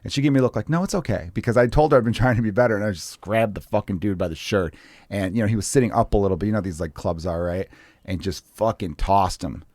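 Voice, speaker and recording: A man in his thirties telling profane, animated stories as a comedian guest on a casual podcast. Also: fairly low pitch, fast talker, no room sound, studio quality. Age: 30s.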